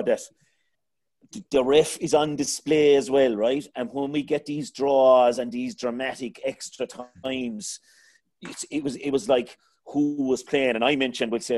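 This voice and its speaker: A middle-aged Irish man hosts a relaxed sports chat in a rambling, conversational way. He talks in an everyday middle voice and keeps calling his panel lads. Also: mid-range voice, moderate pace. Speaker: podcast host.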